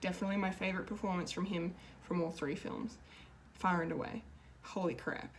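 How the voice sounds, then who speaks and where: A woman's voice: lowish voice, steady tone, fast, slight background noise. A woman giving an unscripted, emotional film review, gushing and restarting her sentences with many fillers. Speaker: pop culture video reviewer.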